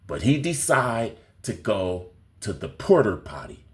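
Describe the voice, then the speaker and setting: A man delivering a spiritual conspiracy monologue, slow, emphatic and repetitive. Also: lowish voice, very animated. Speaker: conspiracy vlogger.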